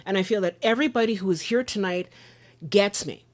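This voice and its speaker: A woman's voice: medium pitch, a little fast. A woman hosting a podcast discussion, talking in an earnest, rambling way and often repeating her words as she gets emotional. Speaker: podcast host.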